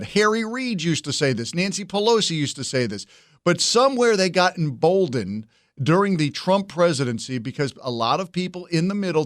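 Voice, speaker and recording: A man's voice: on the high side, no room sound, clean studio sound. A man hosting political commentary in a mocking, sarcastic, conversational way.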